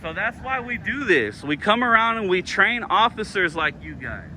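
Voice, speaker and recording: A man's voice: high voice, sing-song, moderate pace, bright, forceful tone, a little hiss or hum. A man filming police outdoors on a handheld camera, arguing with them in a combative, mocking, insistent way. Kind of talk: heated street confrontation. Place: outdoors by a parking lot with cars.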